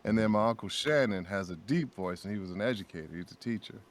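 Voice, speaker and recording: A man guesting on a casual podcast, telling lively stories and acting out what his friends said. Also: lowish voice, fast. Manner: animated storyteller who acts out friends' lines. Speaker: guest voice actor.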